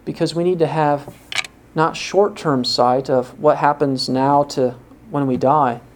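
A man's voice: a little high, fairly even intonation, measured pace. A man preaching a sermon with earnest conviction. He poses pointed rhetorical questions and tells a story to illustrate his point.

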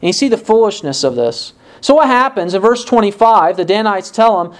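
A man preaching a sermon, reading scripture aloud and asking rhetorical questions, his pitch jumping up for emphasis. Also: animated, a little fast, hardly any pauses. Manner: pitch rises sharply for emphasis.

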